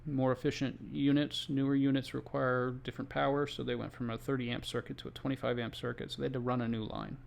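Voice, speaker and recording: Gravelly-voiced man telling a work story. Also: medium pitch, flat delivery, fast talker, few pauses. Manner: conversational, with exasperated asides. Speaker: home inspector. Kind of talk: casual first-person storytelling. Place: Florida.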